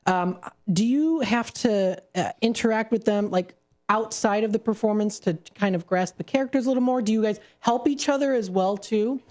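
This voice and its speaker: A woman's voice: mid-range voice, moderate pace, darkish tone. Chatty woman radio host. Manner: chatty, many fillers and restarts. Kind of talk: casual radio interview. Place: radio studio.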